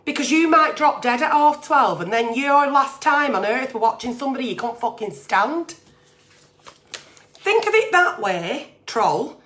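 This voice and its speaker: A woman's voice: high voice, big pitch swings, unhurried, a bit bright. A woman, hosting an agony-aunt livestream and giving blunt, sweary, plain-spoken advice. She talks in a chatty way, reading out letters and then answering them.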